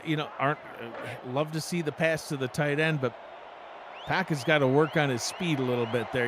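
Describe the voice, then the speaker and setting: A man with a New York accent calling play-by-play for a simulated football game, brisk and joking. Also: mid-range voice, background noise. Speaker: play-by-play announcer. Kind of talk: play-by-play commentary.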